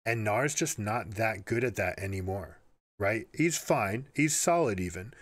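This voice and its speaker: A man commentating on an esports match and giving coaching advice, energetic and repeating words as he explains. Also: lowish voice, measured pace, no echo. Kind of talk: game analysis with coaching advice.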